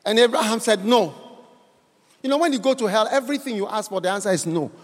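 A man from Ghana preaching a sermon in a church hall, building to shouted, sing-song emphasis. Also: sits high, fast.

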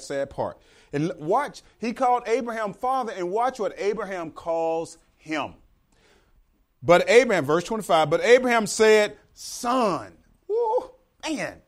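A man's voice: sits high, expressive, normal speed. A man preaching a sermon as pastor, talking to the congregation and acting out the voices of the characters in the story.

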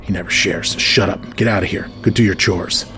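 A man's voice: low voice, steady tone, a little fast, pushed and bright, soft background music. A man doing a curt tattooed bandit lieutenant. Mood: dismissive. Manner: curt and dismissive.

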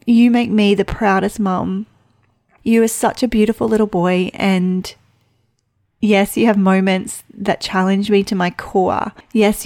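Heartfelt woman podcaster with vocal fry. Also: mid-range voice, a little mellow, no room sound, clean studio sound. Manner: heartfelt, reflective, quick chatty delivery. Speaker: podcast host. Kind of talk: personal podcast monologue.

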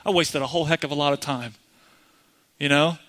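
A man's voice: a little high, steady tone, a little fast, fairly bright tone, slight background noise. A man preaching a sermon in a church, speaking earnestly and directly to the congregation. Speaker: pastor.

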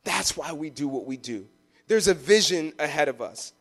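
A man's voice: a little high, lively intonation, normal speed, soft background music. A man preaching a live sermon in a church, passionate and emphatic, telling vivid stories to his congregation. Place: church sanctuary.

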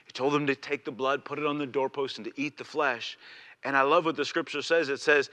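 A man's voice: medium pitch, quick pace, bright, forceful tone. A man preaching a sermon as pastor of his church, fervent, repeating phrases and restarting mid-sentence.

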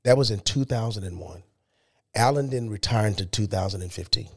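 A man's voice: lowish voice, a little fast, vocal fry. Emphatic storytelling man. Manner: animated, emphatic storytelling with rising excitement. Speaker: guest. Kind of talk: storytelling interview.

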